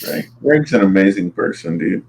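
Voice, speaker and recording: A man's voice: sits low, lively intonation, moderate pace, vocal fry, a little mellow. A man from Oklahoma in a casual chat, rambling and crude with lots of fillers and swearing.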